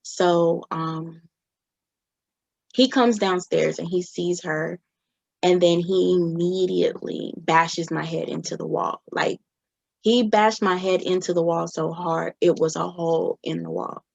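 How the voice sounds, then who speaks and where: A woman's voice: on the low side, steady tone, measured pace, vocal fry, no echo, dull audio. A young adult woman recounting her own experiences in an interview, often voicing what others said. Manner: recounting events with quoted dialogue. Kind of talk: personal testimony.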